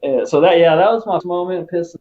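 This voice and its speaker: The audio is dull, and the man's voice is fairly high and fairly quick. He's an ex-Marine from Texas, swearing freely and staying laid-back as he tells stories in a casual interview, dropping "dude" and "right?" often.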